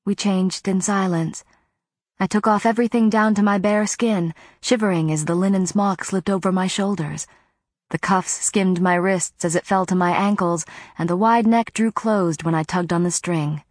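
A woman narrating a first-person novel in a measured, even reading voice, on a close studio mic. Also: medium pitch, dry recording. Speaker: audiobook narrator.

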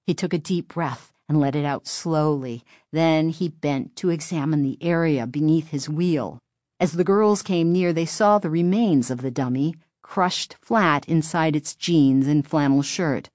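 A woman narrating a children's story in a steady, expressive storytelling manner. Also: low voice, a little slow, dry recording, clean studio sound. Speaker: audiobook narrator. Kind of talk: scripted narration.

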